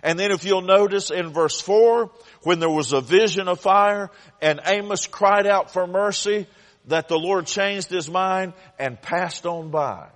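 Male pastor, fairly high voice, slow and dramatic preaching, long echo. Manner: dramatic, crying out in Scripture voices. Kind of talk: sermon. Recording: long hall reverb.

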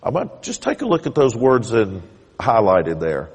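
A man preaching a sermon as pastor, reading scripture aloud with big swells in pitch and speaking slowly and deliberately. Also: wildly swooping pitch, husky. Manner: slow, deliberate delivery. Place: church sanctuary. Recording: long hall reverb.

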